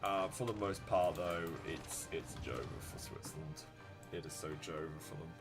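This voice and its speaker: A man's voice: low voice, unhurried, over music. A man commentating a strategy game as he plays, muttering to himself, then suddenly pleading and swearing at the screen. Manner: swings from mumbled muttering to loud pleading outbursts, swearing. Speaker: gaming YouTuber. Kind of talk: live gameplay commentary.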